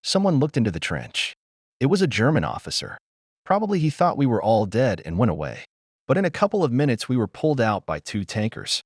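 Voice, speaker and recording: A male narrator with a mid-range voice reads a scripted first-person war memoir, grave and measured, yet with intonation that rises and falls lively. The recording is dry and close, without echo or room sound.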